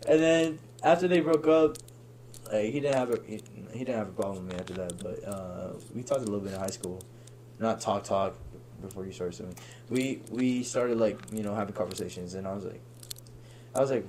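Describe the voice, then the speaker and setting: A young man telling stories in casual podcast chat, animated and quick to laugh, acting out his friends' voices as he goes. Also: fairly low pitch, slight background noise. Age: young adult. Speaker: podcast guest.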